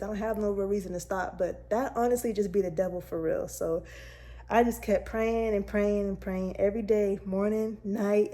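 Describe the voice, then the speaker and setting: A woman's voice: medium pitch, warm tone. A young woman vlogger chatting candidly to her viewers, telling a personal story in a casual, direct way.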